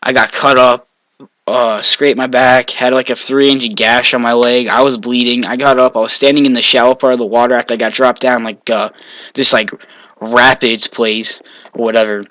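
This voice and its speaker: Bright-voiced young man from Maine, rambling. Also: mid-range voice, flat delivery, moderate pace, no room sound, low-quality recording. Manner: rambling, self-correcting, chuckling asides. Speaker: vlogger. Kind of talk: casual storytelling.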